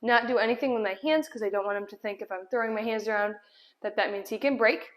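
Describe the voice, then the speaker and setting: A woman's voice: on the high side, quick pace. A woman dog trainer explaining a puppy's sit and down stays while giving him firm commands indoors. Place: indoor room at home.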